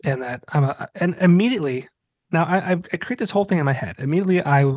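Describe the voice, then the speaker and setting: A man's voice: a little high, fast talker, darkish tone, no echo. A man in his thirties, host of a podcast, telling a personal story in casual chat with many restarts. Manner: rambling storytelling, many restarts, acts out quotes.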